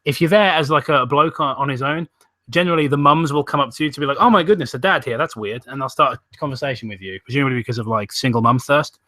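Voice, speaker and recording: Talking fast in a pushed, bright mid-range voice, this stream host is captured in a dry recording. He reads a story aloud and fills the gaps with crude jokes, swearing, and frequent laughter.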